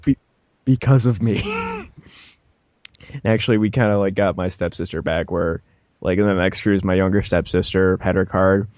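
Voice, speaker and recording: With a low voice and a moderate pace full of frequent pauses, a young man co-hosting a podcast tells a casual story, laughing and imitating the people involved. The sound is lo-fi with no echo, and his delivery stays animated.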